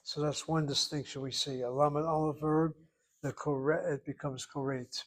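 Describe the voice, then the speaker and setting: A man's voice: a little high, steady tone, normal speed. A man teaching a Hebrew grammar lesson, patiently explaining verb forms and careful pronunciation.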